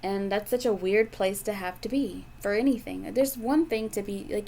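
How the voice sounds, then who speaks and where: A woman's voice: medium pitch, normal speed, few pauses, warm tone, a little hiss or hum. A woman giving a tarot reading to her audience, talking bluntly and with lots of profanity, repeating her points for emphasis. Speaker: tarot reader.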